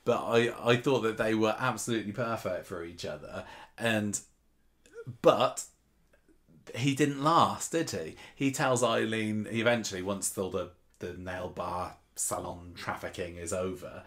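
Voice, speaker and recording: A man's voice: on the low side, measured pace, a bit bright. A man in casual podcast chat, thinking aloud and quoting characters as he goes. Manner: musing, with frequent restarts and quoted dialogue. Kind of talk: casual chat about a soap opera.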